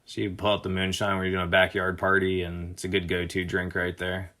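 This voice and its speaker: A man joining as a guest on a video call, answering in an easygoing, relaxed way. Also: low-pitched, brisk. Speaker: guest, service director. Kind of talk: casual interview chat.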